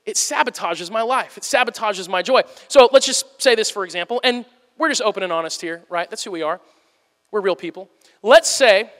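A young man with a high, light voice delivers a candid, self-deprecating sermon as a pastor. He acts out everyday scenes as he preaches, and his voice carries a long reverb from a large church hall. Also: a bit bright.

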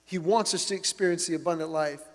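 Middle-aged male pastor, high voice, earnest emphatic sermon delivery, long hall reverb. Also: fast talker.

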